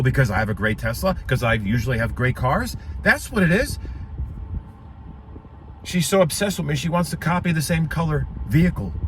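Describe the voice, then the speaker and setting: Anxious man vlogging on the road. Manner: anxious, questioning himself, jumps from low mutters to excited high bursts. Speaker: paranormal vlogger. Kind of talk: vlog narration, talking to camera. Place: in and around his car on a road trip. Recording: noisy background, car and road sounds.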